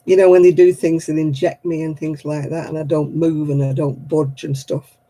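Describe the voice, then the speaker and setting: A woman's voice: low-pitched, little pitch movement, moderate pace, mellow, poor audio. A woman hosting a craft livestream, chatting casually, laughing often and acting out other people's voices. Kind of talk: casual chat.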